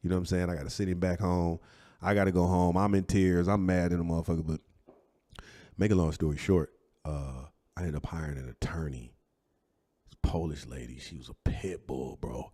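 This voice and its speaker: A man telling an animated, slangy personal story as a guest on a podcast interview. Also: low-pitched, normal speed.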